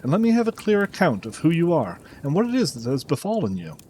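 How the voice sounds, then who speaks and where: A man reading a calm, courteous detective in an audiobook, speaking in easy, soothing tones. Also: a little high, quick pace, a little hiss or hum, rough recording. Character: calm, soothing male detective, middle-aged.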